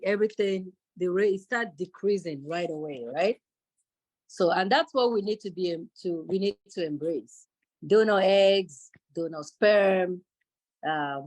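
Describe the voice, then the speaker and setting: Slow-spoken, measured woman. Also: mid-range voice, darkish tone, no echo, low-quality recording. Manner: measured, thoughtful, with hesitant fillers. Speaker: book club member. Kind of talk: casual group discussion.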